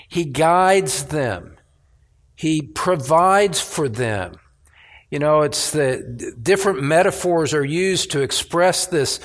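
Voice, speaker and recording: A man preaching a sermon as pastor, emphatic, with pauses and restarts. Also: fairly high pitch.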